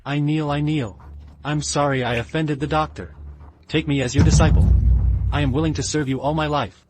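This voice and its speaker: A man's voice: on the high side, steady tone, normal speed, heavy background noise, lightly acted. A man dubbing a sleazy greedy quack doctor. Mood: groveling. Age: middle-aged. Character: greedy lecherous male quack doctor in his fifties. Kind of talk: English dub of a short drama. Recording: dubbed dialogue over loud music.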